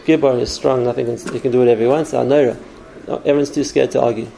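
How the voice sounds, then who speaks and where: A man's voice: mid-range voice, steady tone, fast talker, gravelly, dark tone, a little hiss or hum, poor audio. A man giving an earnest spoken Torah class, explaining step by step with numbered points. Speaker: Torah teacher.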